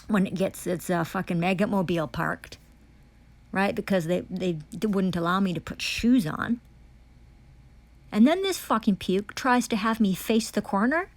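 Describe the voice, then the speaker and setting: A woman delivers a furious, profane monologue, hurling accusations and often stumbling over and repeating her phrases. Her voice sits in a middle pitch range for a woman and sounds close and dry, with no room echo. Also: animated, a little slow, pauses often. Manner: repeats and restarts phrases under strain. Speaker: self-described foreign diplomat giving testimony. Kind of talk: angry monologue testimony.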